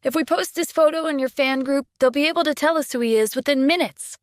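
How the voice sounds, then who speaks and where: A woman's voice: sits high, fast, no echo, clean studio sound, pitched above the performer's own voice, lightly acted. A woman voicing an eager male assistant and bodyguard, speaking hurriedly in an audio drama.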